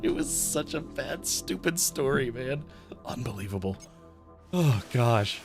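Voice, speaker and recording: A man's voice: medium pitch, big pitch swings, a little slow, soft background music. A man streaming a video game live, chatting casually with his viewers, rambling, laughing often and restarting his sentences. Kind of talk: casual live-stream chat while gaming.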